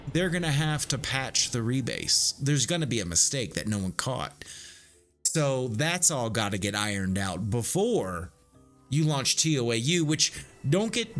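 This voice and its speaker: Animated male game streamer, swearing freely. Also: mid-range voice. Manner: loose, swears freely, talks to chat. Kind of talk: casual live-stream chat while gaming.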